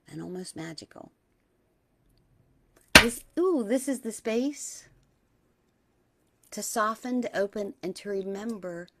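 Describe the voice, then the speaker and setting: A middle-aged woman hosting a spiritual talk, gentle and dreamy, slowing on key words and sometimes dropping to a hush. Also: mid-range voice, no echo. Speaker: spiritual teacher and host. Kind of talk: soft-spoken spiritual talk.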